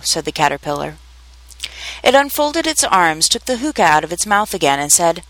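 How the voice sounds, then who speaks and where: A woman narrating a storybook chapter aloud in a measured, clear manner. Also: deep voice, fairly bright tone, dry recording, rough recording. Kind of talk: storybook reading.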